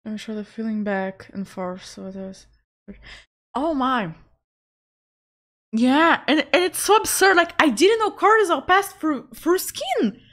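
Woman art streamer, high voice, relaxed chatter, frequent laughs, repeats words for emphasis. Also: unhurried. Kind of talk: casual chat while drawing.

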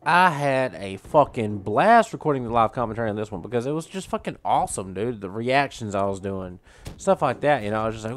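A man's voice: fairly low pitch, animated, brisk. A male gaming channel host giving a profane, ranting, exasperated gameplay commentary.

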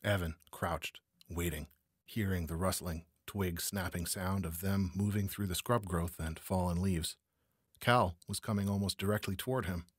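Deep husky male noir narrator. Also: steady tone, normal speed, no echo, studio quality. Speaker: audiobook narrator.

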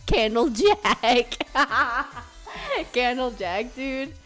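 High, lively giggly woman streamer. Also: takes it slowly, soft background music. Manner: giggly, swears freely, talks to chat. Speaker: live streamer. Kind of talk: casual live-stream chat while gaming.

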